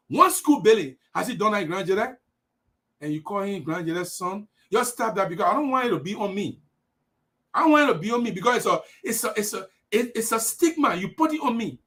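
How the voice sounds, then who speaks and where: A man with a Liberian English accent speaks on a live stream in an emphatic, preachy way, repeating his points. His voice sits high and swoops widely in pitch. He sounds impassioned throughout. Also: very animated, brisk, fairly bright tone. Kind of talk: impassioned political livestream.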